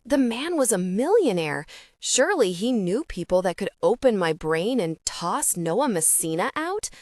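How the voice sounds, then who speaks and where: A woman narrating a first-person audiobook at an ordinary middle pitch, steady and earnest. The sound is close and completely dry, with no room in it. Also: measured pace, dry recording.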